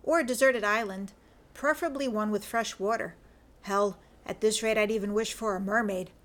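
A woman voicing a gruff, grumbling Scottish man adrift in a story, with a Scottish accent and self-mocking mutter. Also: mid-range voice, normal speed, lightly acted. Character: gruff Scottish male sea detective, grumbling. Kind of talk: audiobook character reading.

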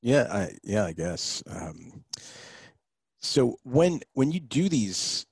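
A middle-aged man hosting a podcast, asking loose questions in a relaxed, casual way with plenty of fillers. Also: medium pitch, slow pace, gravelly, slightly rough, dry recording. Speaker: podcast host. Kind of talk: casual interview chat.

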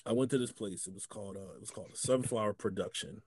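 A young man, a guest comedian, telling a story in a casual chat, animated, laughing often and acting out the voices he quotes. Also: on the low side, fast talker, slightly rough, dry recording.

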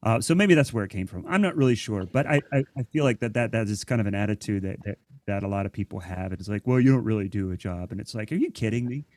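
A man's voice: fairly low pitch, fast talker, darkish tone, no room sound. A man from Central Ohio who works as a drummer, telling stories in a casual roundtable chat and acting out other people's voices.

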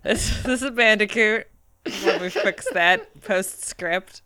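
Tabletop player, bright clear voice, joking asides, dry close sound. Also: mid-range voice, takes it slowly, no echo. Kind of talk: in-character tabletop play.

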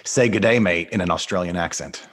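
A man hosting an interview, upbeat and quick to laugh, running a rapid-fire question round. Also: sits low, fairly bright tone. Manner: upbeat, laughs often, brisk quiz questions. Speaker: podcast host. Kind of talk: casual interview.

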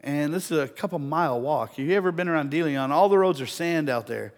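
A man preaching a sermon, telling a story and building to loud, emphatic peaks. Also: fairly high pitch, expressive, a little fast.

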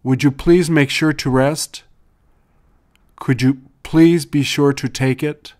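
A man reading English example sentences and brief explanations in a measured, deliberate way, as a language teacher. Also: fairly high pitch, steady tone, darkish tone. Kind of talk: slow scripted language drill.

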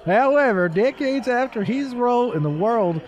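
A man's voice: very high-pitched, expressive, normal speed, darkish tone, voice pushed up. A man putting on an exaggerated Southern drawl to read a book blurb aloud, stumbling over long words. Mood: hammy drawl. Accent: put-on American Southern.

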